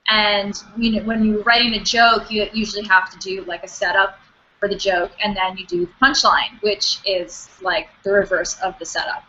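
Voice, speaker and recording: A woman's voice: mid-range voice, fairly even intonation, moderate pace, sharp tone, highs cut off, a little hiss or hum. A woman guest in a casual chat, giggly and chatty, saying "like" a lot.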